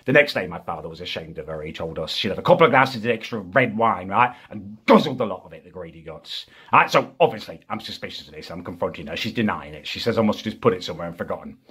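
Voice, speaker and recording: An actor plays a self-pitying young vlogger with a British accent, forever ranting about his grievances and asking "right?". His voice is bright and a little husky, and it leaps up and drops down in wide, lively swings. He sounds aggrieved and whiny throughout. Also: low-pitched, quick pace, hardly any pauses, full character voice. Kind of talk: ranting comedy character vlog.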